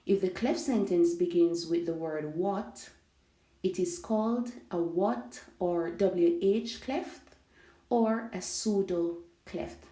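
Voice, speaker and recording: A woman teaching an English grammar lesson, explaining slowly and glossing words in Spanish. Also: fairly low pitch, dark tone. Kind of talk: language lesson. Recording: echoey room.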